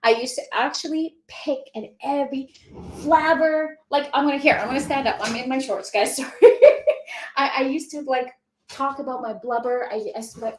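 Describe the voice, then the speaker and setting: A woman with a fairly high voice hosts a casual live stream as a spiritual mentor. She gushes and greets viewers by name, laughing often. Her voice carries a roomy echo from a room at home. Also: fairly even intonation, fairly quick. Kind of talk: casual livestream chat. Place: indoors at home.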